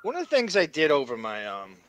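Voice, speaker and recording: A man's voice: a little high, wildly swooping pitch, fast talker, fairly bright tone, a little hiss or hum. A man with a Long Island accent hosting a casual live-stream chat, rambling and self-deprecating. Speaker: show host.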